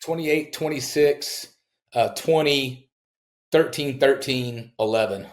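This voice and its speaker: A middle-aged man in a podcast chat, telling lively builder stories with a middle-pitched voice. He mimics the people in his tales with sudden high jumps in pitch. His voice sounds roomy, with echo from the room. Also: slow pace. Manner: animated storyteller who acts out quoted people with big jumps in pitch. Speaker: home builder, podcast guest. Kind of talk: casual storytelling in a podcast interview.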